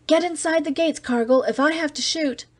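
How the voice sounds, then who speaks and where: A woman's voice: sits high, expressive, fairly quick, dark tone, no echo, clean studio sound, pitched above the performer's own voice. A woman voicing a nervous, brash young male guard in an audiobook, questioning pushily. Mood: anxious.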